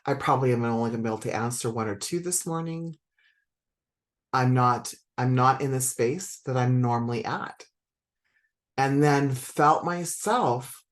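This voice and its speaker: A middle-aged woman talking as a spiritual coach to her audience, conversational and reflective, with many fillers and self-corrections. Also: a bass voice.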